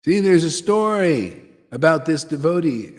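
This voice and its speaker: A man leads a devotional gathering in a lively, exclamatory way and laughs readily as he teaches. His voice sits high for a man. A long reverb trails after his words, as in a large hall. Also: measured pace. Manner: exclamatory and enthusiastic, often laughing. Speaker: devotional teacher leading a satsang. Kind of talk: informal devotional talk to a gathering.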